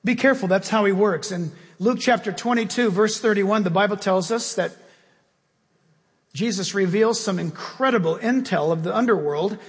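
A man preaching a sermon in an animated, conversational way, acting out the story characters. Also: high-pitched, moderate pace. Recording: long hall reverb.

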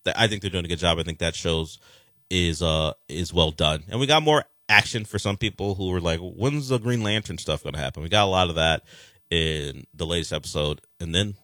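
Deep-voiced male sports radio host. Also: brisk, sharp tone, dry recording, studio quality. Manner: conversational, rambling with restarts. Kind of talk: casual radio talk.

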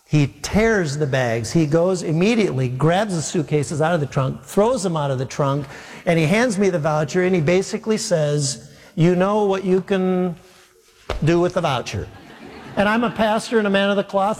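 Man, pastor, animated self-mocking storyteller, slightly high voice, long church reverb. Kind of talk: sermon storytelling.

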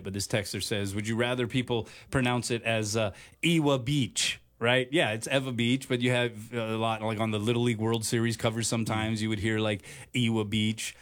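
A man from Hawaii hosts a relaxed sports talk show. He speaks in a halting, stop-start way, leaning on lots of fillers. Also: fairly low pitch. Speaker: radio show host.

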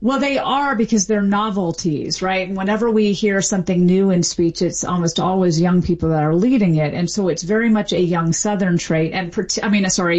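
Explanatory woman, lowish voice. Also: darkish tone. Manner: measured, explanatory, occasional hedging fillers. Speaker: dialect expert guest. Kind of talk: explanatory interview answers.

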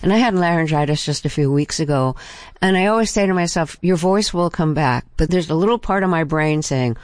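A woman hosting a radio interview, asking direct questions and reading measured, scripted introductions. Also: low-pitched, no echo.

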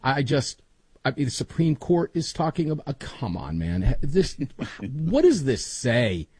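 A male radio host in casual talk, halting and often repeating his words. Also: mid-range voice, wildly swooping pitch, darkish tone, breathy edge, no room sound. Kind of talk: casual political talk show chat.

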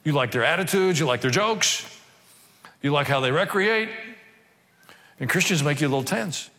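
A man's voice: on the high side, animated, moderate pace, sharp tone, a little hiss or hum. A male pastor preaching a sermon, dropping wry asides and acting out quoted voices. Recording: long reverb of a large hall.

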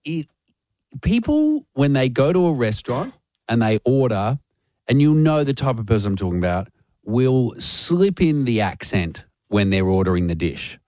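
A radio host in casual on-air banter, playing up his gripes like a storyteller. His pitch swings widely as he goes. The sound is dry and close, with no room around it. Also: moderate pace, no room sound. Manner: animated, mock-complaining storyteller.

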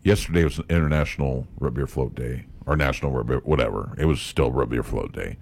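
A man hosting a radio morning show, chatting casually with his co-host, playful and quick to laugh. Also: rumbling low, creaky, a little mellow, breathy edge. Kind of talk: casual chat. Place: radio studio.

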